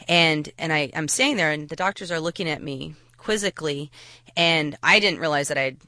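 A woman telling a personal story to an audience, halting, with frequent restarts. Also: low-pitched, bright, forceful tone, dry recording.

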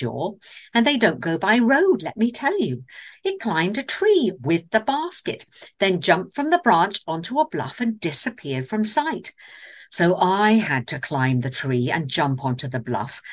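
An English woman tells a comic tale with real theatrical flair, dropping in dry asides. Her voice swoops up and down with plenty of life, and her pitch sits in an ordinary middle range. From England. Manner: animated, theatrical, wry asides. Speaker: storyteller. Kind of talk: told comic story.

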